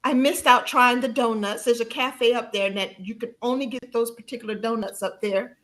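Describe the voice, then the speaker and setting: At a normal speed, a female podcast guest relates a personal experience in an animated, conversational way. Frequent laughter marks her telling, along with high jumps in pitch when she quotes herself.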